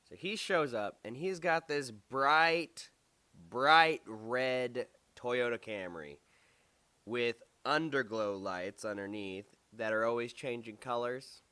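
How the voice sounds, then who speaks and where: A young man telling a casual, animated story from his own life, acting out the other people's lines in quick voices. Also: mid-range voice, clean tone. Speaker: storyteller vlogger.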